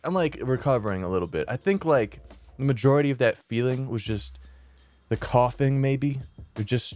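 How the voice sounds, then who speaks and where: A man's voice: mid-range voice, a little mellow. Rambling man telling a story. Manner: rambling, filler-heavy, profane. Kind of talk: casual storytelling.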